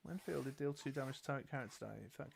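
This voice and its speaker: A man's voice: mid-range voice, fast, gravelly, breathy edge. Chatty British man playing a dice game. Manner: chatty, thinks aloud while reading cards and counting dice. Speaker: game show co-host. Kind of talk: casual live game commentary.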